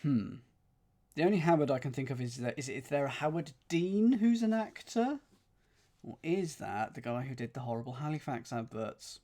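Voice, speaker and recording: A man working through a crossword live, murmuring each clue back to himself and counting letters on his fingers aloud. His voice sits at an ordinary middle pitch for a man, relaxed and conversational as he reasons it through. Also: moderate pace. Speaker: puzzle streamer. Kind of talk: thinking aloud while solving live.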